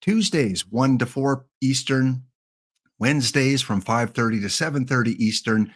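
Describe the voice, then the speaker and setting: A man's voice: medium pitch, unhurried. Rambling jokey Canadian man streaming. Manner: rambling, jokey, talks to chat. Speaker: game streamer. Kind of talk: casual live-stream chat.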